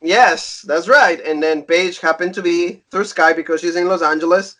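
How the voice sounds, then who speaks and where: A man's voice: a little high, normal speed, a bit bright. A man recapping a wrestling show in a casual podcast chat, mimicking the lines people said.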